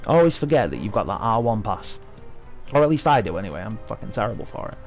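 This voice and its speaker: A young man giving excitable, sweary live commentary over his own hockey video game match. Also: lowish voice, fast talker, faint music behind. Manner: sweary, excitable, talking at the screen. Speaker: gaming video host.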